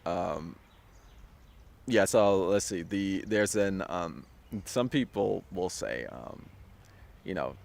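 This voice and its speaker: A man's voice: sits low, expressive, takes it slowly, creaky, pauses often, darkish tone. A man hosting a casual discussion outdoors, hesitant with many fillers and restarts, laughing often. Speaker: discussion host. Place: outdoors, drizzling.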